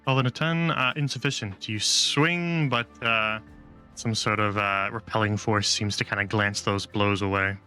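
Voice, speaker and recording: A man's voice: lowish voice, fairly even intonation, moderate pace, pushed and bright, faint music behind. A man running a tabletop game as game master, describing the scene in an easygoing, rambling way.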